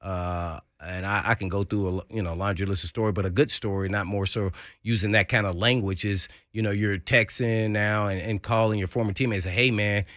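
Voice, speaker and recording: A man's voice: lowish voice, steady tone, fairly quick, fairly bright tone, dry recording, clean studio sound. A man telling a story on a sports radio show, acting out what the players said with big jumps in his voice. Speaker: former NFL player telling a locker-room story. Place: radio studio.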